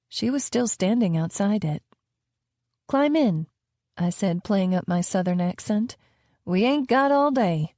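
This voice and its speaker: Warm, dry-voiced woman narrating. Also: medium pitch, no echo. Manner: calm, measured storytelling. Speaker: audiobook narrator. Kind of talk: first-person audiobook narration.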